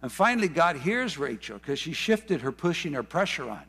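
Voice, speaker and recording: A man's voice: a little high, very animated, moderate pace, a bit bright, a little hiss or hum. A man preaching a sermon, fervent and repeating key phrases for emphasis, with rambling asides and self-corrections. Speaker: pastor.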